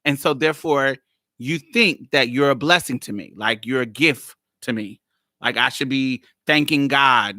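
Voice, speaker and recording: A woman's voice: very deep voice, pushed and bright, no echo, studio quality. A woman podcast host telling a story in a blunt, exasperated way, laughing often and swearing freely. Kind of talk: casual storytelling monologue.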